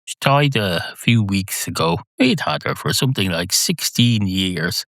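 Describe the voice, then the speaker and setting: A man's voice: lowish voice, lively intonation, a little slow, gravelly, a bit bright, no echo, heavily acted. A man voicing an indignant, pedantic talking cat that argues at length. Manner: argumentative, long-winded.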